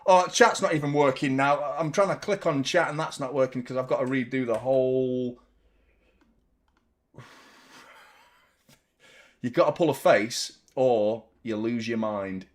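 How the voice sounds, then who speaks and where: A man's voice: medium pitch, a little slow, pauses often. Male fan-channel host, live watchalong chat, exasperated rambling with casual swearing.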